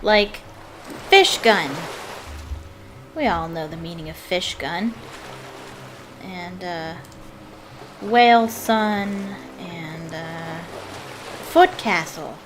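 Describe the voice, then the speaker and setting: A woman's voice: fairly low pitch, drawn-out words, long pauses, faint music behind. A young woman casually commenting on a puzzle game, musing aloud and hesitant, with many fillers. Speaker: let's play gamer.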